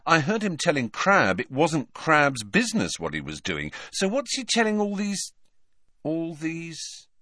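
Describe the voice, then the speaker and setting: An eager, impulsive teenage boy wizard from a storybook, lifted well above the reader's own voice and bouncing with lively ups and downs, as a man reads him. The words rush out whenever an idea lands, in a dry, close sound. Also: mid-range voice, breathy edge, no room sound, voice pushed up, full character voice. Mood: puzzling. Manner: excited, quick to leap at ideas.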